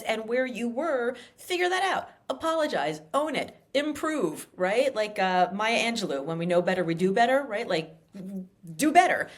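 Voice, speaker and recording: A woman in her fifties talking as an author guest in a casual interview, animated and emphatic, full of fillers and acted-out quotes. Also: a little high, normal speed. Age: 50s.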